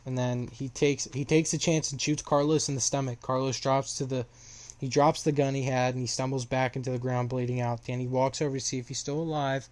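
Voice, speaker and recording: A man's voice: medium pitch, flat delivery, brisk. A young man casually retelling a story in a rambling way, with lots of fillers and restarts.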